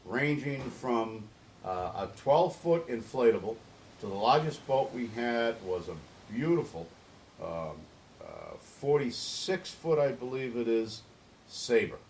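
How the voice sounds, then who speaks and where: This interview guest organizes volunteers at a boatyard and is a middle-aged man from New England. He talks slowly in a slightly mellow, mid-range voice that is very animated, over a little hiss or hum. Sincere and emotional, he works through a long story and keeps restarting sentences.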